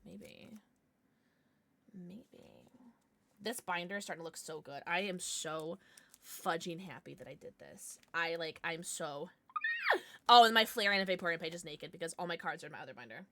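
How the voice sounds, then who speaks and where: A woman streamer chatting casually on a livestream, bubbly and excitable, swearing now and then. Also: lowish voice, a little fast.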